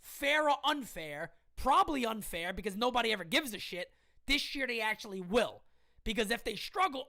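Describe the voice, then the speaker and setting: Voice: mid-range voice, animated, moderate pace, bright, forceful tone. A woman hosting a live-stream sports commentary show, emphatic and argumentative as she answers comments from her chat. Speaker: host.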